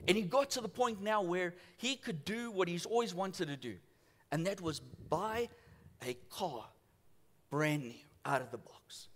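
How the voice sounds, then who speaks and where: High-voiced man preaching a sermon. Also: lively intonation, measured pace. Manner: storytelling, acts out voices in quotes, swings from loud to hushed. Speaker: pastor. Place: church.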